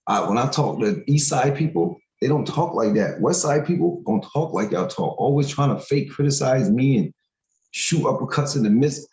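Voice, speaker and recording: A man's voice: mid-range voice, darkish tone. Blunt, profane man ranting casually. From Syracuse, New York. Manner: blunt, profane, rambling street talk. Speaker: podcast host. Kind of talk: casual podcast rant. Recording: echoey room.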